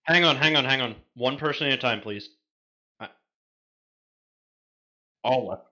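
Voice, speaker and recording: A man's voice: medium pitch, unhurried, bright, forceful tone, dull audio. A man running a tabletop game as dungeon master over voice chat, playful and laughing often, calling the players to order.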